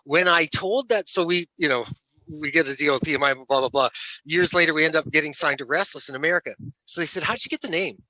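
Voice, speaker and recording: A man, a rock band's lead singer, casually telling lively anecdotes as a guest and laughing along. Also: a little high, quick pace, dry recording, poor audio. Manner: animated storyteller who laughs between lines.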